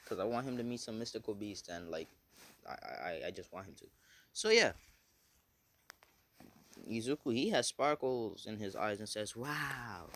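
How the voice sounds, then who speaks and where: A man's voice: on the low side, sing-song, moderate pace, pauses often, fairly bright tone, slight background noise. A man casually telling a made-up story off the cuff, rambling, correcting himself often and swearing. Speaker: fan fiction storyteller.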